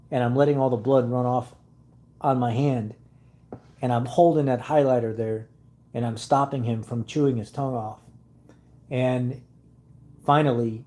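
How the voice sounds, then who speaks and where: A man's voice: medium pitch, warm tone, poor audio. A man hosting a car channel, chatting casually with viewers and telling stories earnestly, hesitating often with many fillers. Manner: earnest storytelling.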